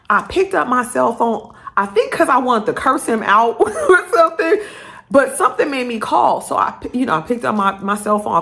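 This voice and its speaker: A woman's voice: a little high, vocal fry. Candid woman telling her story, swearing freely. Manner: candid, profane, animated retelling. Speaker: vlogger. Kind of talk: personal storytelling to camera.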